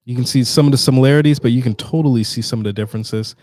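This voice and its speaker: A man hosting a casual screen-share tutorial, chatty and halting with fillers and restarts, sounding tired. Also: medium pitch, darkish tone, no room sound, studio quality. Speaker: tutorial host.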